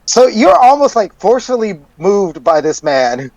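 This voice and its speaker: A man runs a tabletop game, narrating scenes with a playful, laughing delivery. His voice is high and swings lively up and down. The sound is dry, as if from a home voice call. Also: a little slow, no room sound, low-quality recording. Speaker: dungeon master.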